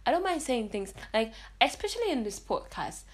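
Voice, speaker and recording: A woman's voice: fairly high pitch, very animated, fairly quick. A young woman hosts a casual solo podcast, chatty and blunt, restarting her sentences often. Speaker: podcast host.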